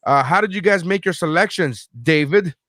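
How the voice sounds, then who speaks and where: A man's voice: high voice, moderate pace, a bit bright, dry recording. Profane, rambling podcast host man. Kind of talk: casual podcast banter.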